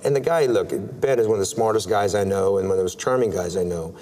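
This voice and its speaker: Animated storytelling man, studio interview. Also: fairly low pitch, fast talker, few pauses. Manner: animated, acts out dialogue with many "I'm like" quotes; filler-heavy, restarts often. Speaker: actor, interview guest. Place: TV studio, seated at a table.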